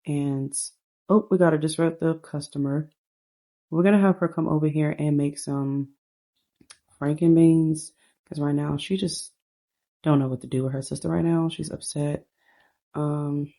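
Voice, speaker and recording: This woman has a deep, mellow voice. She narrates a life-sim game story casually, chatting with viewers, calling them "you guys," and dropping fillers as she goes.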